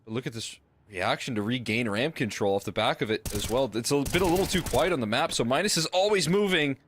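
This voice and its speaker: A man giving relaxed, explanatory colour commentary on an esports match. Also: mid-range voice, quick pace, a little hiss or hum.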